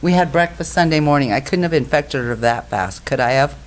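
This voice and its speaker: A woman's voice: sits low, lively intonation, a little fast, rough recording. A woman co-hosting a community TV talk show, chatting playfully and laughing easily. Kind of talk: casual banter on a community TV show.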